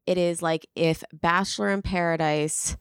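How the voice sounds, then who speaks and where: Excitable woman with a gravelly voice. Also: lowish voice, normal speed, dry recording, studio quality. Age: 30s. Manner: excited, rambling, lots of likes. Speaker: podcast guest. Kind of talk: casual chat.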